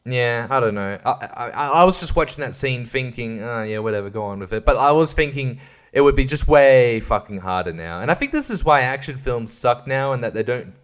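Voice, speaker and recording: A man's voice: mid-range voice, big pitch swings, normal speed. Rambling, profane man talking about films. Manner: rambling, profane and joking, with frequent restarts. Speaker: podcast host. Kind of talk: casual film-review chat.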